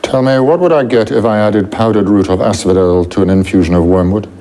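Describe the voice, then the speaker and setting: A man plays a stern potions master with a crisp Received Pronunciation accent. His voice sits low and sounds dark and heavy. He drawls each cold question slowly, as if testing a pupil. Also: close to an everyday voice. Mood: coldly probing. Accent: British Received Pronunciation. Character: stern male potions teacher, cold and menacing.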